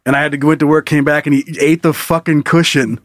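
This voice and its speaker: Telling quick, loose stories full of profanity and laughing often, a man co-hosts a comedy podcast in casual chat. His fairly high voice has little pitch movement, and there's no echo.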